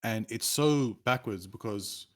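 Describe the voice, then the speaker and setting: A man, a streamer telling rambling, animated stories as an interview guest. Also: a little slow. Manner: animated, rambling, with sudden pitch jumps. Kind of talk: casual storytelling.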